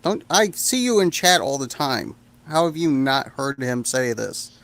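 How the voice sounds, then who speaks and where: A man's voice: medium pitch, very animated, measured pace, fairly bright tone. Mocking man in casual chat. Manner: mocking, laughs at his own jokes. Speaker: stream guest. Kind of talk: casual banter on a stream.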